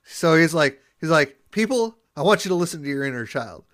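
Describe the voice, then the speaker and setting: A man with a fairly high voice co-hosts a podcast, chatting loosely as he retells an episode. He laughs often and lets sentences trail off. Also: big pitch swings, brisk, a bit bright. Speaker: podcast co-host. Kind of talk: casual chat recapping an episode.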